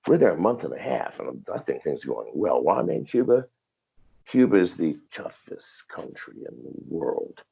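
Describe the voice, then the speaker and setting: A very deep, gravelly voice belongs to an older man who tells his stories bluntly and swears without pause. His pitch swings in lively bursts as he talks. The sound comes over a dull, lo-fi video call line. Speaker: interview guest. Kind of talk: profane storytelling interview.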